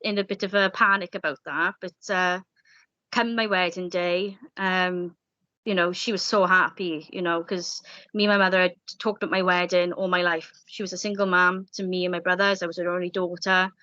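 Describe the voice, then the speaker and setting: A low, flat-toned woman in her thirties from Wales talks gently in an interview, full of fillers and feeling. Her voice is dry and close, with a dull, lo-fi sound. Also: moderate pace, no echo. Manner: soft-spoken, many fillers, emotional. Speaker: bereaved interviewee. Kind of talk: personal interview, recalling a loss.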